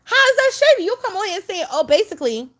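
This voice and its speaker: Reaction commentator: high-pitched woman, exasperated and scolding, casual delivery. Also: expressive, fast talker, fairly bright tone. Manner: scolding, exasperated, talks straight at the subject.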